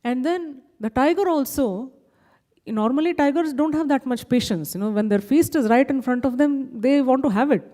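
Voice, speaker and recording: A woman gently telling a devotional story at a temple, explaining as she goes and often checking in with "right?". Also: high voice, normal speed. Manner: gentle, explanatory, with frequent "you know" and "right?". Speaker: speaker at a temple class. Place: temple hall. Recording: long hall reverb.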